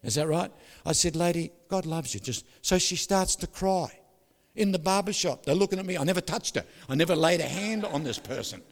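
Pastor with a ringing hall echo. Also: male voice, high-pitched, brisk. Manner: animated storytelling with jokes, asks the crowd "is that right?". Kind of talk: sermon.

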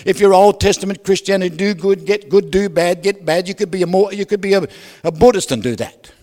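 High-voiced man preaching in an echoey hall. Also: brisk. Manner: animated preaching with rhetorical questions, swinging from loud to soft. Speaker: pastor. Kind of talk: sermon. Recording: reverberant hall.

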